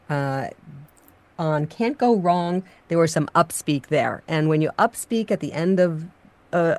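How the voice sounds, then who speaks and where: A woman coaching a voice actor, giving direct feedback with frequent ums. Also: low-pitched. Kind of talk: casual critique.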